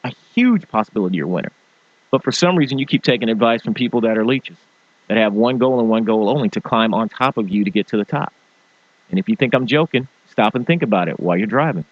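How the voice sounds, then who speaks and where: A man hosting a talk show, giving an animated motivational rant and mimicking people in funny voices. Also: fairly low pitch, fast, dry recording, lo-fi sound. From small-town farming family. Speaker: show host.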